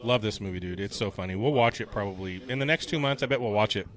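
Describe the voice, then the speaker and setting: A man in his thirties co-hosting a casual podcast, animated and chatty. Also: on the low side, quick pace. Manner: animated, quotes movie lines in silly voices. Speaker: podcast co-host.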